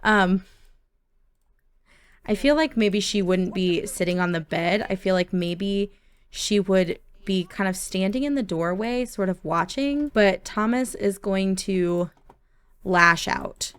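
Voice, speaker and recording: A woman's voice: medium pitch, slow, smooth. A woman hosting a gaming channel, chatting casually and reacting aloud as she narrates her gameplay.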